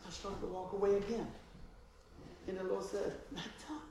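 A man preaching and telling a story, acting out both sides of the dialogue and swinging between loud and hushed. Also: high voice, monotone, moderate pace, very noisy. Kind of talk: sermon storytelling. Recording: echoey hall, from a distance.

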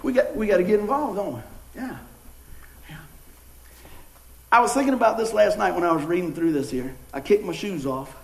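A middle-aged pastor, preaching a sermon with jokes and folksy storytelling. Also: male voice, high-pitched, a little fast, creaky, long pauses. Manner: folksy, joking, animated storytelling. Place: church sanctuary. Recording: echoey church room.

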